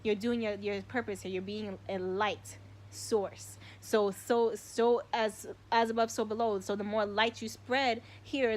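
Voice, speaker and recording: A young woman hosting a spiritual live stream, speaking in an excitable, slangy way and swearing often. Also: mid-range voice.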